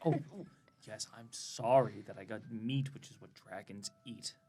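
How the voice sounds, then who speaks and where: A man's voice: lowish voice, normal speed, warm tone, slightly rough, faint music behind. A young man playing a tabletop game, eager and joking with the table. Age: young adult. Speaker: player. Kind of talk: casual tabletop game play.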